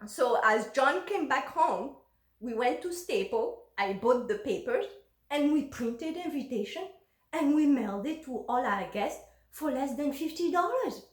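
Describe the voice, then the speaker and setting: A woman with a high, bright-pitched voice tells a personal story to camera in a candid, unfiltered way. She is frank and emotional and swears freely. The sound carries a roomy echo. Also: lively intonation, unhurried. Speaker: vlogger recounting her own life.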